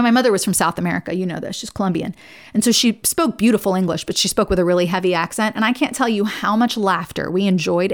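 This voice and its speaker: A woman hosting a solo podcast, talking in a reflective way that swings between playful and hushed. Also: mid-range voice. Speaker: podcast host.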